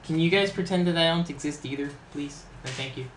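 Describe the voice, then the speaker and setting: A man's voice: on the high side, a little fast. A man helping on a live stream, reading viewer questions aloud and dropping dry jokes. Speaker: co-host reading chat. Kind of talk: casual live stream chat. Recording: echoey room with background noise.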